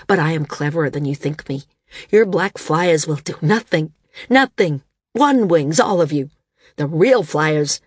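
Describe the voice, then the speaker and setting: A woman's voice: fairly low pitch, no echo, studio quality. A woman voicing a paranoid, imperious male landsman who speaks shrilly and angrily.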